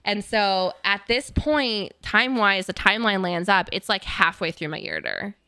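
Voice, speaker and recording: Bright-voiced young woman telling a story. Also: mid-range voice, moderate pace, clear, resonant tone, no room sound. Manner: profane, with frequent "like" fillers; animated, acts out quotes in the story. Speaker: podcast host. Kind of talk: casual chat, storytelling. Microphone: podcast mic.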